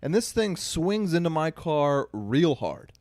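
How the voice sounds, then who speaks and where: A man's voice: fairly high pitch, big pitch swings, slow, darkish tone, no room sound. Man telling rambling comic stories, dry sound. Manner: rambling anecdotal storyteller, dry jokey delivery. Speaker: podcast co-host. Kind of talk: comedy podcast banter.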